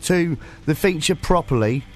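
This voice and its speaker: Male co-host, crude banter, lively swooping delivery, faint music underneath. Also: a little high, moderate pace. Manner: laughs through his reading, mock-dramatic. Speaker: podcast co-host.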